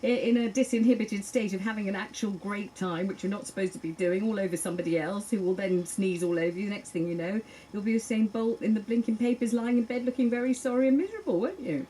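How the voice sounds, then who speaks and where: A woman's voice: mid-range voice, fast, hardly any pauses, mellow, poor audio. Radio host, middle-aged woman, dry mock-outrage, arch banter over faint hiss. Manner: arch, teasing, mock-scandalised. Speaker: radio presenter. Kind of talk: radio newspaper review chat.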